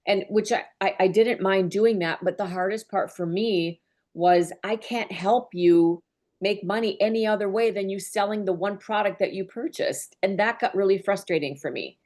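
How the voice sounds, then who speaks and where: With a mid-range, darkish voice at a moderate pace, a woman business mentor addresses her team over a group call. The talk is heartfelt and earnest, openly emotional yet conversational.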